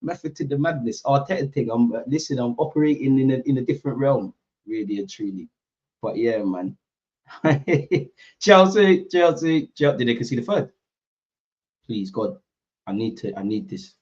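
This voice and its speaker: Young man, streamer-host of a football watchalong, animated slangy banter, mid-range voice, slightly muffled stream audio. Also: mid-range voice, moderate pace. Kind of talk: casual chat to live viewers.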